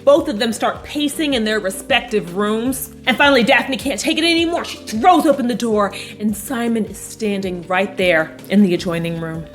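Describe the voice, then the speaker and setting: A woman chatting casually as she recaps a TV episode, animated and playful, bursting into dramatic emphasis and swearing bluntly. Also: a little high, moderate pace, few pauses, soft background music. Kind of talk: casual chat.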